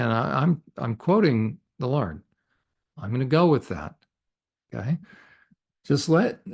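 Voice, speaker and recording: A man's voice: medium pitch, gravelly, a little mellow, breathy edge. A male counselor speaking as a podcast guest in an earnest, faith-based teaching talk, emphatic and posing rhetorical questions he answers himself.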